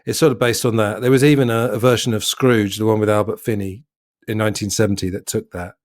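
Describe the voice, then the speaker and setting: A man from the south of England talks casually on a podcast, thoughtful and quick to laugh. His voice sits fairly low. The sound is dry and close, with no room around it. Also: flat delivery, darkish tone, no echo. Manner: chatty, thoughtful, laughs often. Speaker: podcast co-host. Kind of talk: casual film discussion.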